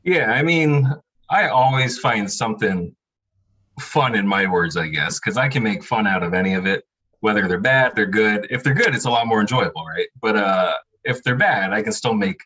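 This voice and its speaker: A man guest on a sports podcast, talking in a relaxed, wry way with lots of fillers. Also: lowish voice, normal speed, breathy edge, lo-fi sound. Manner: laid-back, wry, rambling with many fillers. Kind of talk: casual podcast chat.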